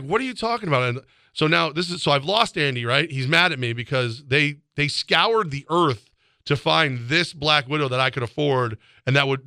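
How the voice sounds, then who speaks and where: A man co-hosting a sports radio show, telling rambling stories and reading ads with excitable energy. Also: medium pitch, clean tone, no room sound, clean studio sound. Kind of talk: sports talk and live-read ad.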